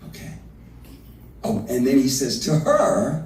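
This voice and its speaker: A man teaching a livestreamed literature lesson, animated and reading verse slowly and dramatically. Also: medium pitch, slight background noise. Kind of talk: livestreamed lecture. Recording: roomy, from far off the mic.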